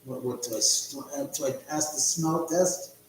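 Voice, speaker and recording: A man's voice: fairly high pitch, normal speed. A man chats loosely on his own live stream at home, joking and reading viewers' comments. His voice bounces around a very echoey room. A faint electrical hum runs behind it. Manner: rambling, joking, reads chat aloud. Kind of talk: casual live stream chat.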